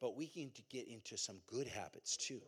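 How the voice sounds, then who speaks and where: A man preaching a sermon as pastor, in a conversational, animated way with call-and-response and repeated phrases. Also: mid-range voice, brisk, slightly rough.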